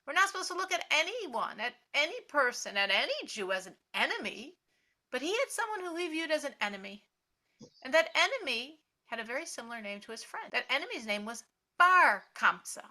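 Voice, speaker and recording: A woman teaching a Torah class, telling the story lively and acting out the characters' lines. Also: sits high, a little fast. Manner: animated, acts out the characters' voices in the story.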